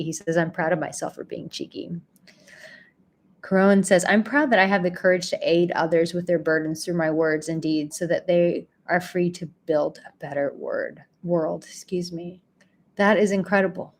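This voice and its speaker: Woman doing a live stream, soft and gushy, reads comments and thanks everyone, kinda low voice. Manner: gentle, effusive, thanking viewers warmly. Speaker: livestream host and relationship coach. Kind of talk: live stream chat, reading viewer comments.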